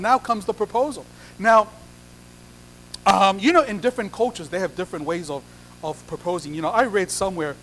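A man's voice: high-pitched, a bit bright, slight background noise, poor audio. A man preaching a sermon, acting out little conversations and repeating phrases for emphasis. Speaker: pastor.

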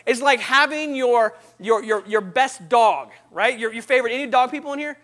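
A young man with a strikingly high, bright voice speaks to a live audience in the manner of a youth talk. He tells personal stories energetically, slipping into little acted-out voices and sound effects. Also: moderate pace.

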